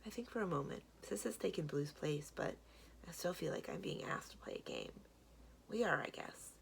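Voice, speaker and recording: Gravelly woman reading a children's book. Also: low voice, normal speed, a little hiss or hum. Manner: steady first-person storytelling. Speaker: children's librarian. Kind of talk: children's book read-aloud.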